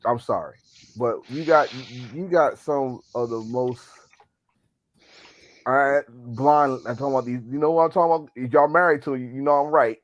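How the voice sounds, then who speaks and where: A man's voice: medium pitch, dry recording. A man co-hosting a podcast, telling things in an emphatic, joking and profane way. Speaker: podcast co-host. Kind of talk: casual chat about pro wrestling. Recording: dull, lo-fi sound.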